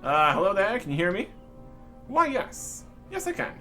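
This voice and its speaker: A man's voice: sits high, huge pitch swings, moderate pace, pushed and bright, soft background music, voice pushed up, exaggerated voice. A man voicing a pompous old dwarf with a long beard who speaks in a plummy, posh, old-fashioned English way. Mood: jolly.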